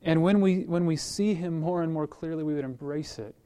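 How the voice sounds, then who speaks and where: Male pastor, conversational sermon delivery, lively storytelling with acted-out voices, restarts mid-phrase. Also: fairly high pitch, fairly quick, clean tone. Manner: animated storytelling, acts out quoted voices; conversational, repeats words as he restarts.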